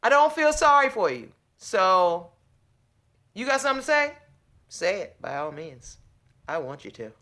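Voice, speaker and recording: A woman vlogger ranting and telling a story to camera in a sassy, animated way. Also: mid-range voice, a little slow, pauses often. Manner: animated, sassy, acts out both sides of a phone call.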